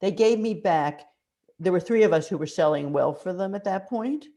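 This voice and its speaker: An older woman with a low voice tells stories in a relaxed interview. She shifts into little acted-out quotes as she goes. The tone is conversational and animated. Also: moderate pace. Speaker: mystery author guest.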